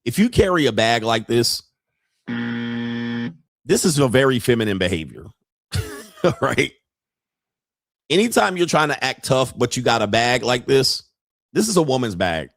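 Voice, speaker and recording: A man's voice: medium pitch, sing-song, unhurried, gravelly, long pauses, fairly bright tone, dry recording, studio quality. A man hosting a casual commentary show, reacting to clips in a profane, mocking way and laughing often. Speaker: host.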